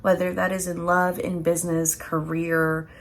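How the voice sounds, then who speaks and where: A woman's voice: fairly low pitch, level tone, moderate pace. A woman giving a casual pick-a-card tarot reading, chatty and playful, laughing often and swearing freely.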